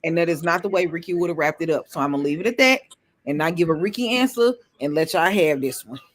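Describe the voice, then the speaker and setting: A man with a noticeably high voice and co-hosts a casual podcast. He is animated and jokey, laughing easily between points. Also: fast talker. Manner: animated, joking, laughs often. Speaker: podcast co-host. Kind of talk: casual chat.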